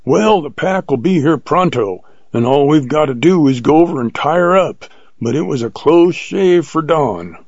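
A man voicing a gruff old plainsman hunter who booms and shouts his commands, on a dull lo-fi recording. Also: moderate pace, dry recording. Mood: jubilant. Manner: booming, excited shouts.

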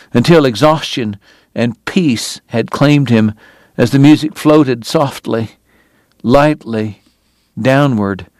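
A male audiobook narrator reads slowly and lyrically at a mid pitch, letting his phrases swell and settle. The recording is close and completely dry, with no room echo. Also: clear, resonant tone. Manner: slow, lyrical, swelling with intensity.

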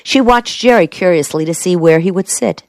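A woman narrating a novel in a measured, even storytelling manner. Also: fairly low pitch, no echo. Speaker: audiobook narrator. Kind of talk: scripted narration.

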